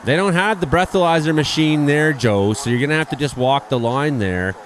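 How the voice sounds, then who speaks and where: A man's voice: on the high side, fairly quick, a little hiss or hum. Sarcastic Canadian man narrating a clip. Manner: sarcastic, swears freely, many fillers. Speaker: host of a weather and video-review show. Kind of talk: casual running commentary over a roadside video.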